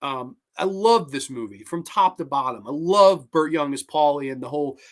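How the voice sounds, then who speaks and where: A man's voice: on the high side, expressive, normal speed, a bit bright. A young man hosting a casual movie talk show, enthusiastic and rambling, with lots of fillers and restarts. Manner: hums and sings snatches of film music. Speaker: host.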